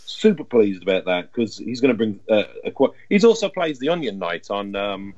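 A man's voice: lowish voice, animated, normal speed, a little mellow, dry recording, dull audio. A man chatting casually and enthusiastically on a podcast, rambling a little. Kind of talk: casual chat.

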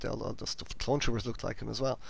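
A man's voice: mid-range voice, little pitch movement, fast, vocal fry, breathy edge, no echo. A man hosting a podcast, chatting enthusiastically and rambling with many restarts. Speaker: podcast host. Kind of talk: casual chat.

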